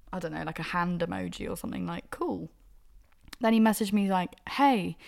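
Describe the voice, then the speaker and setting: A woman's voice: lowish voice, creaky. A young woman hosts a solo podcast, telling dating stories in a candid, sweary, exasperated way. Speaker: podcast host.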